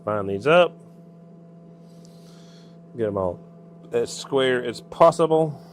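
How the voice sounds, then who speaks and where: Speaking slowly with lively intonation at a medium pitch, a Southern US man casually walks himself through each task in his workshop. A faint hiss or hum sits under the recording.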